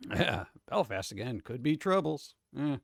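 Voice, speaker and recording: A man's voice: mid-range voice, very animated, measured pace, vocal fry, no room sound, clean studio sound. Rambling man chatting on a live stream. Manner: rambling, greets chat viewers one by one. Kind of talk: casual livestream chat.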